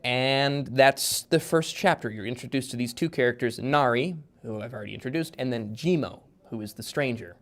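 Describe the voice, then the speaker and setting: A guest author talks casually on a podcast in an ordinary mid-range voice with a fairly bright tone. He speaks at normal speed with few pauses, rambling and restarting, padding his explanations with fillers.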